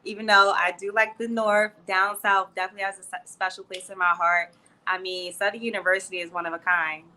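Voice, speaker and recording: Bright-voiced young woman interview guest. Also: mid-range voice, level tone, a little fast. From New Jersey and Florida, United States. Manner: friendly, chatty, laughs easily. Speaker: guest, PR professional. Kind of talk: casual interview.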